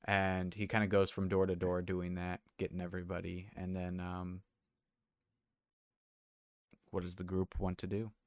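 A man narrating a tabletop game as game master, halting and full of fillers. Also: sits low, monotone, no room sound, clean studio sound.

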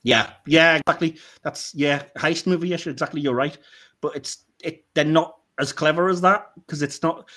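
Animated man ranting and laughing. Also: moderate pace. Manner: animated, laughs often, rants with rising pitch. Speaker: podcast co-host. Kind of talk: casual chat.

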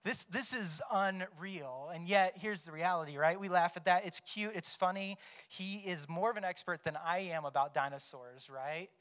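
High-voiced male pastor preaching. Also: normal speed, fairly bright tone. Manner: conversational, tags points with "right?"; storytelling, acts out quoted lines. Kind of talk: sermon.

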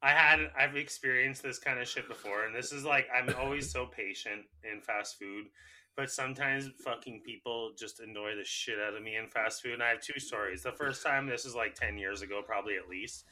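A Canadian man cohosting a podcast, telling animated stories in casual chat and swearing a lot. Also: medium pitch, brisk, rough recording.

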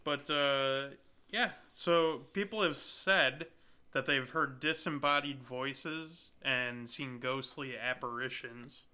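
A man hosting a casual podcast, relaxed and a little hesitant as he tells the story. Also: mid-range voice, slow, clean tone. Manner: relaxed storytelling, hedging with "you know" and "uh". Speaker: podcast host presenting haunted places.

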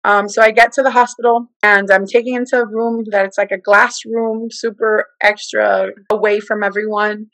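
A woman in her forties tells her personal testimony in conversation. She is an animated storyteller who acts out the voices she quotes. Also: mid-range voice, moderate pace, hardly any pauses, no room sound, poor audio. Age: 40s. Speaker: guest.

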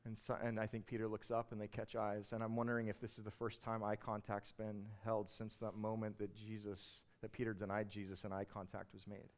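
A man's voice: on the low side, monotone, fairly quick, hardly any pauses. A man preaching a sermon, retelling a Bible passage in a casual, storytelling way and building to passionate emphasis. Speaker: pastor.

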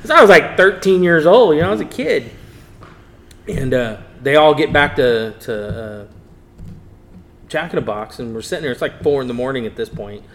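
A man's voice: mid-range voice, moderate pace. A middle-aged man, telling a racing story in a casual interview and acting out the voices he quotes. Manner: animated storyteller, acts out quotes, laughs often. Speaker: interviewee, hot rod racer.

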